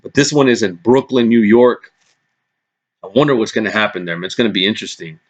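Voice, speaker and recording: A man ranting in a casual vlog, excitable and full of swearing, often restarting his sentences. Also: fairly low pitch, fast talker, lo-fi sound. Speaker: vlogger recapping press conferences. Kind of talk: casual profane rant.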